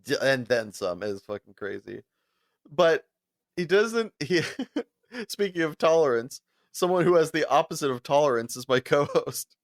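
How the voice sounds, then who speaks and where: Animated laughing male podcast host. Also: unhurried, dry recording, studio quality. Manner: animated, laughs often, acts out quotes in higher voice. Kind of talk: casual storytelling chat.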